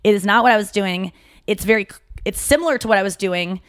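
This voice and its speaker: A woman's voice: medium pitch, fast talker, smooth, no echo, clean studio sound. Rambling, chatty woman podcast host. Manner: rambling, animated storytelling with self-interruptions. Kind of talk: casual chat.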